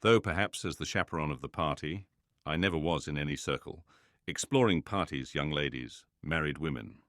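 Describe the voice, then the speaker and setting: A man's voice: very deep voice, normal speed, fairly bright tone, dry recording, studio quality. A man reading the emphatic lines of a haughty, self-important married woman in an audiobook. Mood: affronted.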